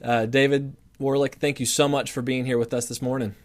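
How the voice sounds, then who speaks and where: A man's voice: medium pitch, little pitch movement, fairly quick. A man hosting an interview, asking questions and praising his guest with enthusiasm. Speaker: interview host.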